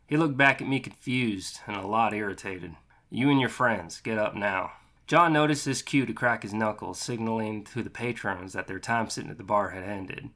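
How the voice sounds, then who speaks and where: A man narrating a gritty first-person audiobook. His lowish voice is bright and forceful, and he reads at an even, matter-of-fact clip. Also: moderate pace, hardly any pauses. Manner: steady, matter-of-fact, casually profane.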